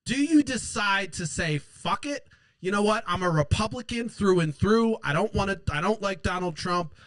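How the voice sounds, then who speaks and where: A man ranting in a heated, profane, rambling way. His voice sits high for a man. The recording is dry, with no room sound. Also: expressive, moderate pace, a bit bright, no room sound, rough recording. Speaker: host. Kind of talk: ranting political commentary.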